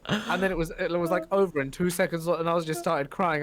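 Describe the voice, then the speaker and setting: A man in his thirties from the UK, a guest in a casual chat, telling a story in an animated, rambling way with many restarts. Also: on the high side, a little fast, a crowd in the background. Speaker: podcast guest.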